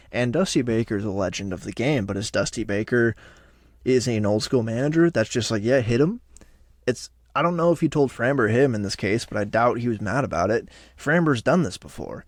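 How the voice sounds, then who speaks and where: A man hosting a podcast, recapping baseball games in an animated, profane, excitable way. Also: mid-range voice, dry recording, studio quality. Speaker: podcast host. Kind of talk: casual sports recap.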